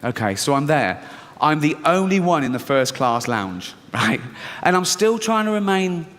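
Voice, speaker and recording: A man's voice: a little high, big pitch swings, moderate pace, fairly bright tone, long reverb tail. A man performing a stand-up comedy routine, telling stories sardonically, mocking his own fears and swearing freely.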